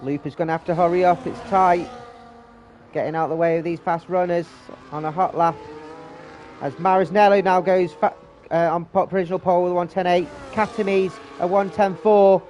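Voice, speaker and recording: An excitable man commentates a live online sim race with rapid calls, slightly higher in pitch than most men. His delivery runs breathless and exclamatory as the cars cross the line, with a faint hiss of noise under his voice. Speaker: race commentator and league host.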